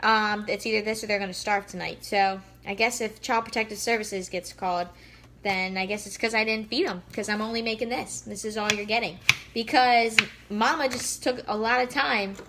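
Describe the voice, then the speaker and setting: A woman's voice: medium pitch, fairly even intonation, moderate pace, a bit bright, a little hiss or hum. A woman in her thirties chatting casually and bubbly while cooking in her home kitchen, full of fillers. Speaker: fitness vlogger. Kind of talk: casual live cooking chat.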